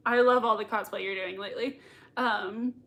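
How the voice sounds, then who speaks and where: A woman's voice: mid-range voice, fairly even intonation, moderate pace, creaky, fairly bright tone. A woman hosting a casual livestream, reading viewer comments aloud in a giggly, gushing way and laughing often. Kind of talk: casual live watch-party chat.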